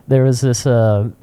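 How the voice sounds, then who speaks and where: A podcast co-host chats casually from a cigar shop, an animated storyteller who frequently bursts into laughter. He speaks at medium pitch with a clear, resonant tone.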